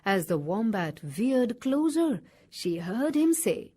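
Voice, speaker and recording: A woman reads a children's story aloud with a high, sing-song voice that rises and falls widely. She takes her time, and her voice is a little breathy. The delivery stays expressive throughout. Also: slow pace.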